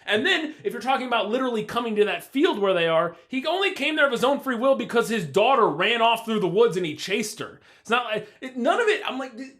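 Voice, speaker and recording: Podcast co-host, male, animated and incredulous, lively swooping delivery. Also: very high-pitched, quick pace, few pauses. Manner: animated, swearing, incredulous ranting. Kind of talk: casual movie review chat.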